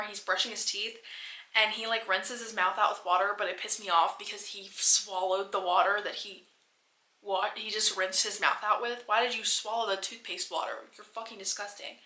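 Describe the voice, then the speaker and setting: A young woman walks through a movie plot in a loose, unscripted vlog recap. Her voice is bright and lively, peppered with fillers and profanity. The room around her rings with noticeable echo. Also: mid-range voice, normal speed. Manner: animated, swears a lot, many fillers. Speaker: movie reviewer.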